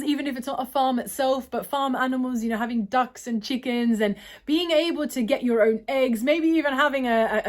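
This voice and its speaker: A young adult woman from Australia answering viewer questions in a casual, long-winded way, often correcting herself. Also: a little high. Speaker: vlogger and poet. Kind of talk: casual Q&A chat.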